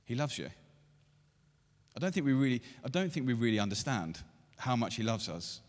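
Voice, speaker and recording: A man in his thirties preaching a sermon to a church meeting, building to loud, emphatic repeated lines. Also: mid-range voice, big pitch swings, normal speed. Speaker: pastor. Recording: long hall reverb.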